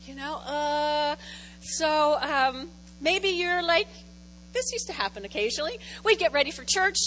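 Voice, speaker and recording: A woman's voice: very high-pitched, pushed and bright, slight background noise, poor audio. A middle-aged woman pastor preaching a conversational sermon in a church, telling stories animatedly and repeating phrases for effect. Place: church sanctuary.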